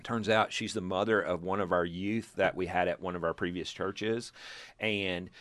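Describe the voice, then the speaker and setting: Animated storytelling man from Texas. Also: low-pitched, normal speed, no room sound. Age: 50s. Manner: animated storyteller, acts out quotes, chuckles, restarts. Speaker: church planter and pastor. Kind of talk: storytelling testimony in casual group talk.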